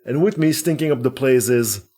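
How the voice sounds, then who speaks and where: A man hosting a casual podcast, energetic and rambling, with lots of restarts. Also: medium pitch, normal speed. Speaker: podcast host.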